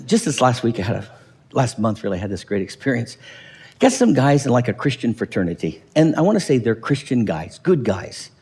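High-voiced gravelly preacher guy, swings his pitch all over, church hall echo. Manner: animated, acts out quoted voices, asks the audience questions. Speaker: pastor. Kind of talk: sermon.

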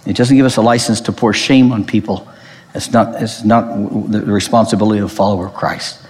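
A man preaching a sermon in an emphatic, animated way, often restarting his phrases. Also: on the low side, brisk, in a large hall. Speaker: pastor.

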